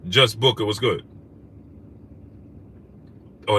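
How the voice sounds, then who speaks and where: Bright-voiced combative livestream host. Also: male voice, fairly low pitch, measured pace, pauses often, slight background noise. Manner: combative, rising to loud indignant questions; greets chat viewers by name. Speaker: live stream host. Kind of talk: livestream chat reading comments.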